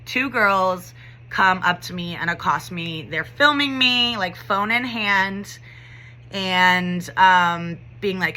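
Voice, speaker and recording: A woman's voice: medium pitch, measured pace, sharp tone. A young adult woman teacher telling a story in a casual vlog, talking conversationally with lots of "like" and "you know".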